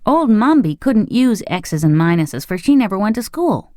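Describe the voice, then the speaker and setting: A narrator voicing a young runaway boy, high and excitable, in an audiobook. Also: moderate pace, no echo, studio quality, natural voice. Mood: eager. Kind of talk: audiobook character voice.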